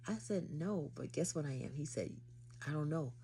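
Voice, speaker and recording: Low-voiced woman telling a dramatic story. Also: lively intonation, moderate pace, creaky, dark tone, a little hiss or hum. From Haiti. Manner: dramatic, chatty retelling with slang. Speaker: vlogger. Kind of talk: casual storytime vlog.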